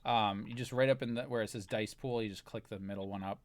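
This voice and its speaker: A man's voice: lowish voice, steady tone, fast, noisy background. A man narrating a tabletop role-playing game as game master, talking in a loose, rambling way full of fillers.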